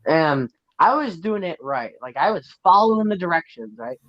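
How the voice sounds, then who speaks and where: A man's voice: a little high, sing-song, moderate pace, no echo, lo-fi sound. A teenage boy telling a rambling story on a podcast, full of "like" and "right?". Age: teens. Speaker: podcast co-host. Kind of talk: casual storytelling while gaming.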